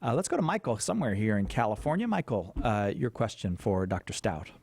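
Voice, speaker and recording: A man's voice: fairly low pitch, very animated, fairly quick, vocal fry, a little mellow, slight background noise. A man hosting a live call-in radio show, talking with frequent hesitations and restarts. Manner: hesitant, with many fillers and restarts. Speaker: radio talk show host. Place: radio studio.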